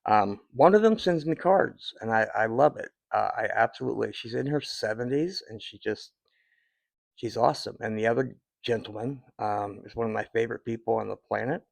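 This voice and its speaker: With a lowish voice marked by vocal fry, a man in his fifties speaks casually to his viewers in a dry recording. He wanders from point to point with heartfelt sincerity, often using fillers and starting sentences over.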